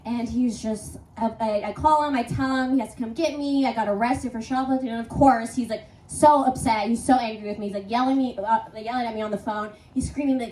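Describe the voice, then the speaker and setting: A woman's voice: fairly high pitch, fairly even intonation, fast talker, few pauses, a little mellow. A young woman doing a stand-up comedy set, rambling and crude, giggling often through her confessional stories. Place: comedy stage before a live audience. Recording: roomy, distant mic, faint audience noise.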